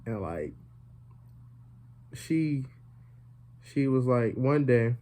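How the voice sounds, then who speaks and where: A young man spins a comedic storytime for his viewers, his voice dark and mellow. He rambles, piles on fillers and slips in deadpan jokes as he goes. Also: medium pitch, very slow. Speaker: vlogger.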